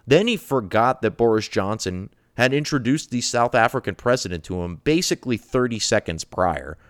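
A man's voice: medium pitch, lively intonation, moderate pace, dry recording, clean studio sound. A man hosting a political commentary show, delivering a profane, mocking, sarcastic rant.

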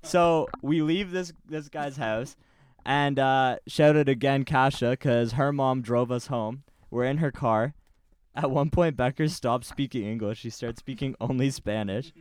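A man's voice: mid-range voice, unhurried, clear, resonant tone, no echo, studio quality. A young man on a podcast, telling a wild party story with plenty of swearing. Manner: animated storyteller, swears a lot. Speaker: podcast co-host. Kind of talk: casual storytelling chat.

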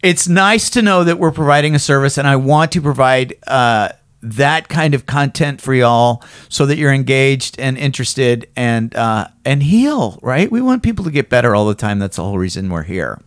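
Hoarse man hosting a chatty podcast. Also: medium pitch, lively intonation, normal speed, no echo, studio quality. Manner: rambling, self-deprecating, swears casually. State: hoarse, frog in throat. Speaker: podcast host. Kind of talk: casual podcast chat.

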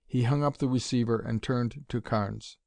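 A man narrating an audiobook in a steady, even reading voice. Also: mid-range voice, moderate pace, vocal fry, no echo, studio quality. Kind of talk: scripted narration.

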